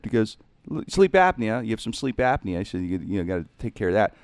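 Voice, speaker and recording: A fairly low-voiced middle-aged man hosting a show rattles through a long comic story at a quick pace with hardly any pauses. He's animated and jokey, voicing other people's lines in casual chat, on a dry, clean studio recording.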